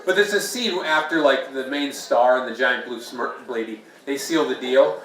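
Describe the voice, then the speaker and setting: A man's voice: medium pitch, expressive, moderate pace. A man doing a self-deprecating stand-up set at an open mic night in a small bar, bantering with the crowd. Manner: jokey, self-deprecating, playful crowd asides. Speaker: stand-up comedian. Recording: echoey room mic from a distance. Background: audience laughing.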